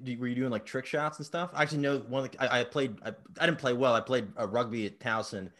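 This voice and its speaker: Young man firing off quick stammering questions. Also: medium pitch, fairly even intonation, fairly bright tone. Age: young adult. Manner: stammering, jokey. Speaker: interviewer. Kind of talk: casual interview questions.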